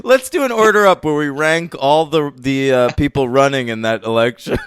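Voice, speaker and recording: A man's voice: medium pitch, normal speed, a bit bright, slight background noise. A man co-hosting a film podcast in casual chat, joking and bantering. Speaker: podcast co-host.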